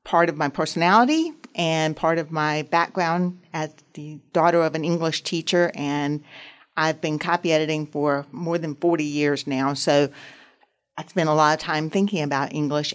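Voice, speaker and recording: A woman in her sixties speaks with a Southern US accent, folksy and articulate as a podcast guest. Her voice sits slightly low in pitch. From western North Carolina, United States. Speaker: copy editor guest. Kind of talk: casual interview talk.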